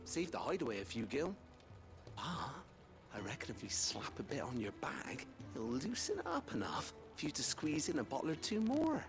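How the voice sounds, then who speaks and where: A man's voice: medium pitch, big pitch swings, moderate pace. An actor playing a cheerful male craftsman in a video game, talking chattily and persuasively. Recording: video game audio with music.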